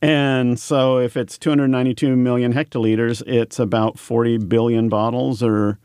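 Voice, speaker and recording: A man's voice: mid-range voice, level tone, a little mellow, clear, resonant tone, no room sound, clean studio sound. A man co-hosting a wine podcast and teaching wine, laughing readily and answering with wry comebacks. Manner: quick to laugh, plays along with wry comebacks. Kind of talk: casual radio chat.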